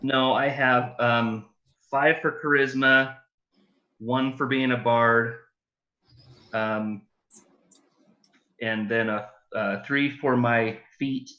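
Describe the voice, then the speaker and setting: A tabletop-game player, a man who speaks slowly and hesitantly, restarting his sentences. His voice is bright, and the recording sounds slightly dull and lo-fi. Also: mid-range voice, fairly even intonation. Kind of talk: casual tabletop role-play.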